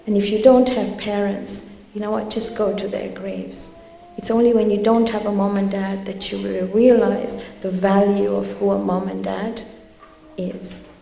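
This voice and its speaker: Addressing a youth audience, a religious lecturer tells stories and presses her listeners in an earnest talk. Her mellow, mid-range voice carries vocal fry, and the long reverb of an echoey hall surrounds it.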